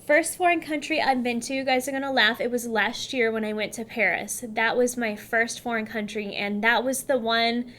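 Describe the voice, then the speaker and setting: A woman's voice: a little high, fairly even intonation, normal speed, few pauses, a bit bright. Chatty woman vlogging. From California. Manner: chatty, upbeat, addresses viewers directly. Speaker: beauty vlogger. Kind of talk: casual chat to camera.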